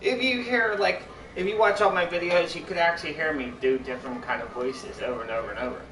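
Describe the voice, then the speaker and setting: A man's voice: on the high side, quick pace, background noise. A young man live-streaming, chatting casually to his viewers in a rambling, repetitive way that keeps restarting its sentences. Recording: echoey room, far from mic.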